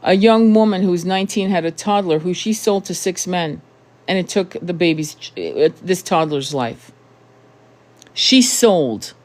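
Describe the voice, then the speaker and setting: A woman's voice: fairly low pitch, unhurried, a little mellow. A woman in her thirties giving an impassioned monologue to camera, blunt and emphatic, with frequent swearing and rhetorical questions. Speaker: tarot channel host.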